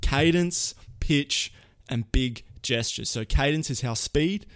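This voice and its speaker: A young man presenting storytelling tips in a casual spoken tutorial, lively and rambling, often correcting himself mid-sentence. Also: mid-range voice, slow, dry recording, studio quality.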